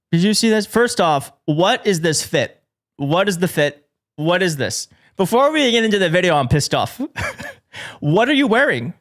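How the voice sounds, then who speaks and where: A man hosting a live political commentary show, excitable and jokey, often restarting his sentences. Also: high voice. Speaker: show host. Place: studio in a big city.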